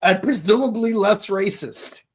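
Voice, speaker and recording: Male podcast co-host, unhurried, rambling, jokey. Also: sits high. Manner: rambling, joking, many restarts and fillers. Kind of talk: casual podcast chat.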